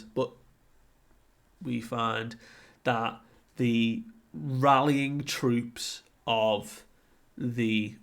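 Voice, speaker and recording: A young man recapping and commenting on a comic chapter in a relaxed, chatty way, full of "like". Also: mid-range voice. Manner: relaxed, filler-heavy retelling with frequent "like". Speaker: manga reviewer.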